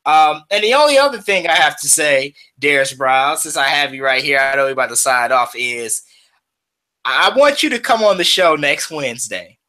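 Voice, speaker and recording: A man's voice: on the high side, bright, forceful tone. A man co-hosting a wrestling radio show, talking casually and boasting emphatically. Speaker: podcast co-host.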